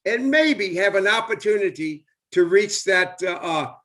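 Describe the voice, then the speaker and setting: A rambling older man with a drawl chats on a live video call from home. His voice sits high for a man and keeps circling back over the same points. He is full of eager, repetitive enthusiasm, with plenty of "uh" and "you know" along the way. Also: expressive, unhurried, fairly bright tone. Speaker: host, former baseball player. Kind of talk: casual live chat.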